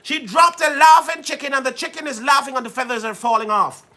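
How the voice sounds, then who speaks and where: High, bright-voiced man hosting. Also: fairly even intonation, brisk. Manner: playful, repetitive, laughs often. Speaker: livestream host. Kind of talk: casual livestream chat.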